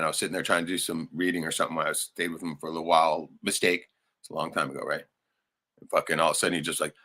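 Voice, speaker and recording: Low-voiced man with a bright edge, profane livestream rant, scoffing laughs. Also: husky. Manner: profane, heated, laughing asides. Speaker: livestream host. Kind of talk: ranting livestream monologue.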